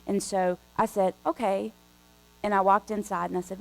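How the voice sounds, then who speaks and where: A woman guest preacher telling a story in a conversational, animated way from the pulpit. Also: mid-range voice, moderate pace, gravelly, faint music behind, rough recording. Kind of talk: storytelling sermon. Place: church sanctuary.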